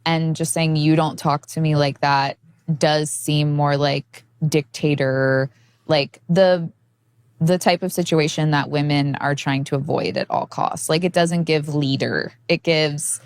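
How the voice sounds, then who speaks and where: Woman, podcast co-host, very low voice, casual talk, many "like" fillers, dry close sound. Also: steady tone, measured pace, smooth, dry recording. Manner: fluent, lots of "like" fillers.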